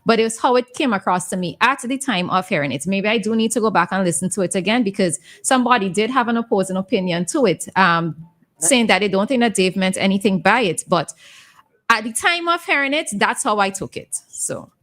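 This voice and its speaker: Woman, radio co-host, morning call-in show, measured, reflective, mid pitch. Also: lively intonation, fairly bright tone.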